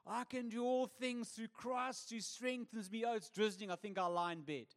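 A man voicing a self-satisfied churchgoing woman who speaks slowly and in a drawn-out way. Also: high voice, steady tone. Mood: smug. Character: smug churchgoing woman quoting scripture, lazy.

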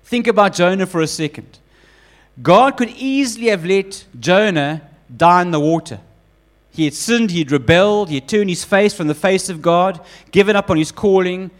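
Man, sermon, high-pitched, emphatic, animated, repetitive lists. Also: moderate pace. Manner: acts out quoted voices of God and Jonah. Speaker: preacher.

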